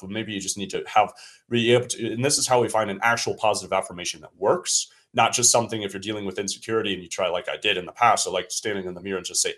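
A man's voice: fairly low pitch, fast talker, fairly bright tone, husky. A man who works as an alignment coach, speaking as a podcast guest in an earnest, reflective way and often correcting himself mid-sentence. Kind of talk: conversational interview.

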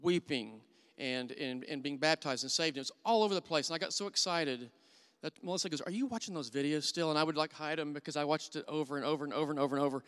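A man's voice: a little high, quick pace, clear, resonant tone. Earnest male preacher in a reverberant hall. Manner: earnest storytelling, drops to hushed voice for quoted thoughts. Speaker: church elder preaching. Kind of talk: sermon with personal stories.

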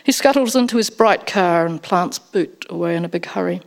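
A woman narrating a first-person story as an audiobook, in an expressive storytelling manner. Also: fairly low pitch, a little fast, creaky.

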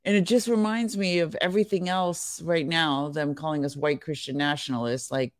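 A woman's voice: low-pitched, steady tone, moderate pace, no echo, clean studio sound. A woman co-hosting a devotional podcast, reading scripture aloud in an earnest voice and chatting casually between passages.

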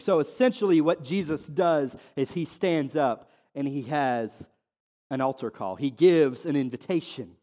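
A man preaching as a pastor, in earnest and restarting often, slowing down and dropping soft on quoted verses. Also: fairly high pitch. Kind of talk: sermon. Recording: long reverb of a church hall.

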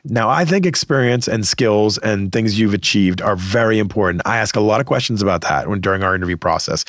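A man's voice: on the low side, a little fast, no echo, clean studio sound. A middle-aged man from the Boston area hosting an advice podcast, talking emphatically and conversationally and acting out the people he quotes. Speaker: podcast host giving career advice.

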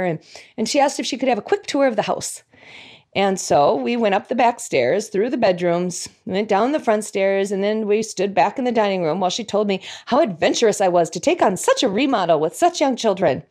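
Middle-aged woman, somewhat high voice, chatty devotional storytelling, laughs at herself. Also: darkish tone. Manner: chatty, laughs at herself, loses her thread. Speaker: devotional speaker.

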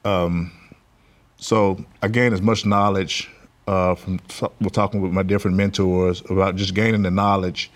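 A man from Louisiana speaks in a very low voice as a guest on an interview show. He answers haltingly, filling gaps with frequent pauses. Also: little pitch movement. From Louisiana, USA. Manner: halting, many filler pauses. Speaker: guest, construction business owner.

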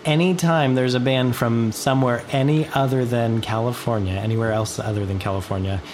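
A man's voice: medium pitch, fairly even intonation, brisk, a little mellow, slight background noise. Laid-back laughing man. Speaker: podcast co-host. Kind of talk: casual chat.

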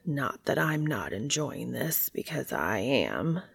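A woman reading fan fiction aloud, voicing a teasing grown man in a husky, low murmur. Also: sing-song, slow pace, no room sound, exaggerated voice. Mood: seductive.

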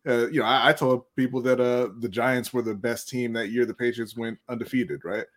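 A man's voice: mid-range voice, steady tone, fairly quick, fairly bright tone. A man co-hosting a sports talk show, arguing his point and teasing the others with easy laughter. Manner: argumentative, teasing, laughs easily. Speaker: podcast co-host.

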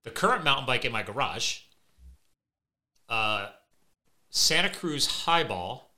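A man hosting a podcast, telling animated, chatty anecdotes. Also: mid-range voice, takes it slowly. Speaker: podcast host. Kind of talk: casual conversation.

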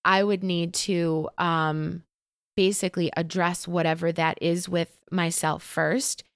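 A woman teaching about Akashic Records in a casual interview, talking gently and openly, telling stories with many fillers. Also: fairly low pitch, level tone, slow pace, clean tone, dry recording, studio quality. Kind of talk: casual spiritual chat.

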